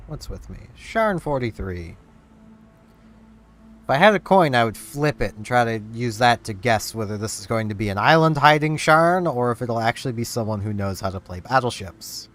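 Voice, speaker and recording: A man's voice: medium pitch, animated, normal speed, a bit bright. A man with a Canadian accent giving casual, sarcastic commentary while streaming a game. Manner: wry, sarcastic asides.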